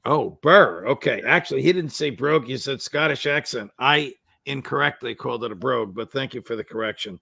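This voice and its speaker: Male host, gravelly and forceful, courteous measured questioner. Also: mid-range voice, animated, no room sound, studio quality. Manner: deliberate, polite questioning. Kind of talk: conversational interview.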